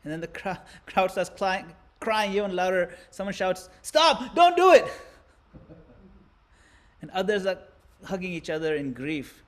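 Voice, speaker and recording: A man giving a religious lesson, narrating a scene vividly with theatrical swings between loud and hushed delivery. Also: sits high, fairly even intonation, moderate pace. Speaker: religious teacher. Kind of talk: dramatic storytelling lecture.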